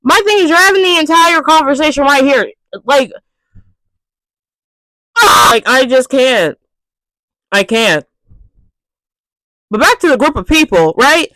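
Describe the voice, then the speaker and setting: Young woman venting on her vlog, high voice all over the place, cussing and yelling a lot. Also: a little slow, long pauses, no room sound, low-quality recording. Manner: exasperated, swearing rant; loud, animated outbursts. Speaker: vlogger. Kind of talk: ranting vlog monologue.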